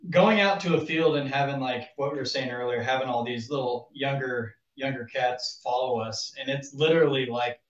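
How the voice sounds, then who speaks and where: A man speaking as a guest on a casual podcast, halting and hesitant with many fillers. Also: mid-range voice. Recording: roomy, distant, dull mic.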